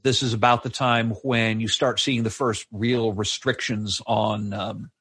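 A man's voice: on the low side, level tone, measured pace, a bit bright, breathy edge, no echo. A man co-hosting a history podcast, telling it in a wry, sardonic casual chat. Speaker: podcast co-host. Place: live show.

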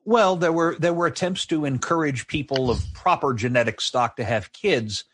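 A man's voice: a little high, normal speed, a bit bright. A man co-hosting a history podcast, telling it in a wry, sardonic casual chat. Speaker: podcast co-host. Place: live show.

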